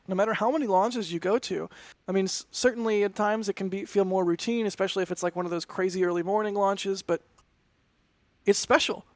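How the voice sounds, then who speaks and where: A man's voice: high voice, no room sound. A man co-hosting a launch livestream, chatting casually in an effusive, rambling way that keeps interrupting itself. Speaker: livestream co-host. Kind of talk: casual launch-stream commentary.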